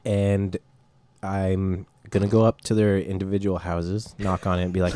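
A man's voice: deep voice, level tone, moderate pace, mellow. A man chatting casually and telling a joking story, laughing often. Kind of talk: casual comedic chat.

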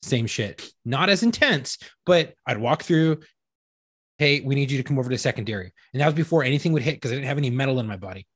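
Casting: rapid-fire, swearing man, a loud anecdote teller, recorded dry and close. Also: mid-range voice, lively intonation, no room sound. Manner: loud storytelling, swears constantly. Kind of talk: casual profane banter.

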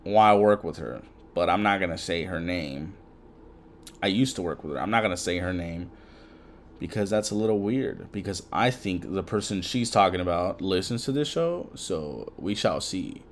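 A man's voice: low voice, animated, moderate pace, a little hiss or hum. A man hosting a podcast in casual chat, rambling with heavy swearing and lots of fillers. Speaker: podcast host.

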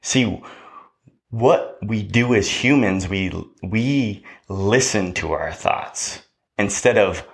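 A man's voice: lowish voice, takes it slowly. A man hosting a podcast, giving a motivational talk in a preachy way, often checking in with "right?". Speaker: podcast host.

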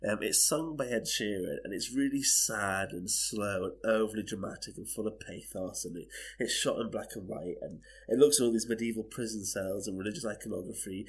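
Bloke chatting on a podcast, husky gravelly voice, lots of ums. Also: male voice, on the low side, fairly quick. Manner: chatty, laughs often, hesitant fillers. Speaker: podcast co-host. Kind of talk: casual chat.

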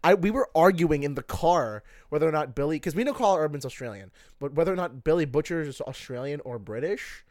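A young man co-hosting a casual podcast chat, excitable and swearing, swinging between loud and quiet. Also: a little high, brisk, hardly any pauses, dry recording, clean studio sound. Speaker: podcast co-host.

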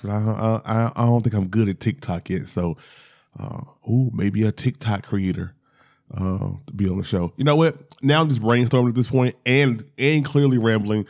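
A man's voice: fairly low pitch, a little mellow. A man hosting his own podcast, talking casually and rambling with lots of fillers after a weekend of drinking wine. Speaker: podcast host.

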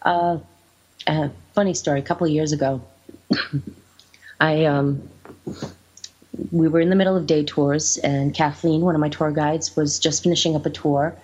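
A woman's voice: sits low, a little mellow, breathy edge. A woman who owns the house, casually telling anecdotes in a chatty way. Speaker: house owner and guest. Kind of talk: casual storytelling. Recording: muffled lo-fi audio.

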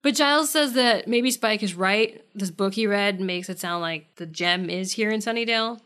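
A chatty woman co-hosting a recap podcast, with a voice of middling pitch. She talks casually, laughs often and slips into quick impressions of the characters. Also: a bit bright, smooth. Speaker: podcast co-host recapping a TV episode. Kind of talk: casual chat.

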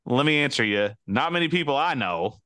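A man's voice: mid-range voice, animated, a little fast, sharp tone, clean tone, dry recording. A man co-hosting a casual podcast chat, teasing his partner and often trailing off mid-sentence. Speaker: podcast co-host.

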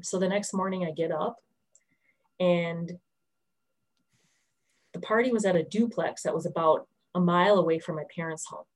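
A woman's voice: fairly low pitch, normal speed, long pauses, poor audio. A woman in her thirties telling her personal faith testimony in a candid, storytelling way, with frequent restarts. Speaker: testimony speaker.

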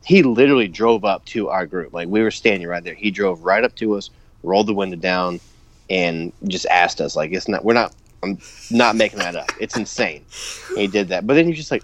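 Animated man telling a story, laughing. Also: deep voice, a little fast, no room sound. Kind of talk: casual chat.

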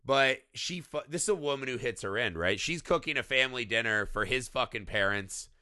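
A man's voice: medium pitch, a little fast, no room sound, clean studio sound. A man on a casual film-discussion podcast, retelling scenes with lots of swearing. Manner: profane, animated retelling of scenes.

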